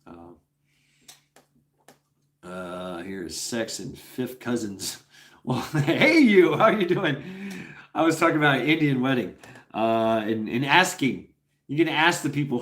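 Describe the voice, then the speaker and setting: A man's voice: mid-range voice, expressive, slow pace, long pauses, a bit bright. A man hosting a casual livestream, telling a rambling, profane story with many restarts and chuckles. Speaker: livestream host.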